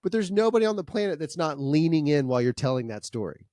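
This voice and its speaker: A man hosting a podcast, chatting casually and excitably. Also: fairly high pitch, fast, no echo, clean studio sound. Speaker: podcast host. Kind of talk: casual chat.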